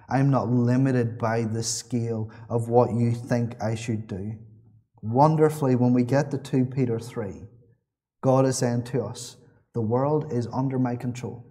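A man's voice: mid-range voice, mellow. A man preaching a sermon in a church, earnest and repeating his key phrases, with small restarts.

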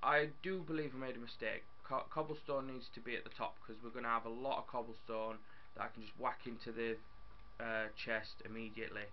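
Excitable young man, lo-fi mic. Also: mid-range voice, brisk, slight background noise. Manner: chatty, excitable, talks to the viewers and to his in-game dog. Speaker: gaming YouTuber. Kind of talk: casual game commentary.

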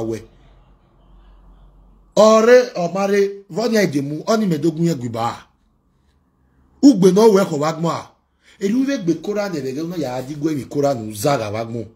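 Nigerian male vlogger, higher-pitched, heated scolding rant. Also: a little mellow. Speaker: blogger. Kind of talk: ranting vlog monologue.

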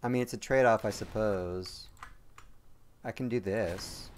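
A man streaming a game live, chatting and rambling to his viewers, joking and quick to apologize. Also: lowish voice, darkish tone, a little hiss or hum. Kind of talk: live gameplay commentary to chat.

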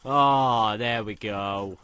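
Young man, let's play commentary, slow talker, bright tense voice, dry close sound, swears a lot. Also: fairly low pitch, smooth, no room sound. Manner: excitable, swears a lot, shouts when thrilled. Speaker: gaming commentator.

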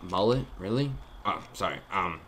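Young man, lower voice, game commentary, jokey, talks to viewers, keyboard clicks behind. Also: animated, moderate pace, background noise. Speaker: gaming YouTuber. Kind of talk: horror game let's play commentary. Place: dark room at home. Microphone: desk mic, face cam.

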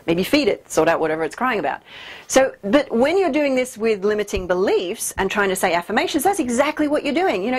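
A woman speaks straight to camera as the host of a teaching video. She explains in a lively, playful way and keeps asking emphatic rhetorical questions. Her voice sits in an ordinary middle range for a woman. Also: medium pitch, slightly rough. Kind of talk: direct-to-camera teaching talk.

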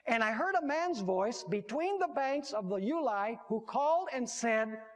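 A man's voice: extremely high pitch, expressive, a little slow. A man, a pastor, preaching a sermon, rising sharply on key words and asking the audience questions.

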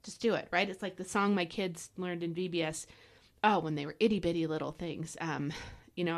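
Speaking fairly quickly in a lowish voice, a podcast host and Bible teacher delivers a fervent, exhorting devotional message straight to her listeners, pushing them to take action. She drops in folksy asides and keeps repeating points for emphasis.

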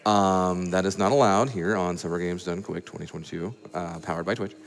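A man's voice: sits low, steady tone, a little fast. A man from Atlanta, hosting a live charity event on stage in front of a crowd with playful, showy emcee patter. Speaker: marathon host. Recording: long hall reverb.

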